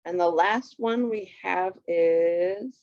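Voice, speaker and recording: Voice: medium pitch, slow, a little mellow, no room sound. A patient teacher walking through a Hebrew primer on a shared screen, repeating each word twice for the learner. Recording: dull lo-fi recording.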